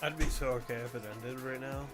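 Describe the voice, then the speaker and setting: A young adult man streaming live, chatting casually about work and then reacting loudly while gaming, with frequent swearing. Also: medium pitch, fairly even intonation, fairly quick, soft background music.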